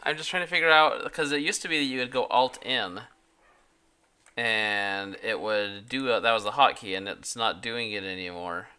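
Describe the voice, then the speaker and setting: A man's voice: fairly low pitch, normal speed, sharp tone, clean tone. A young man hosting a casual home livestream, chatting to viewers while modeling on the computer. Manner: easygoing, talks to chat while working. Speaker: livestream host.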